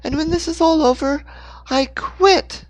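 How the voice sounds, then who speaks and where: A man voicing a panicked middle-aged mother who whimpers and shrieks in a shrill, hysterical voice. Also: a little slow. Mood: shrieking.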